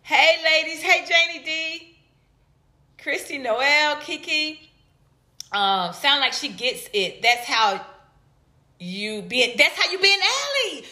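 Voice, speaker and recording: A comedian from Atlanta talks straight to her viewers, her high, bright voice lively and playful as she stretches out teasing repeats. The room around her rings with noticeable echo. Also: slow pace, pauses often. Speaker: stand-up comedian. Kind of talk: casual vlog reading viewer comments.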